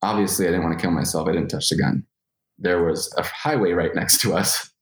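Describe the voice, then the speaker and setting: A man in his thirties telling a candid personal story, swearing freely and restarting his sentences often. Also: sits low. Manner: candid, profane, halting restarts. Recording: roomy echo.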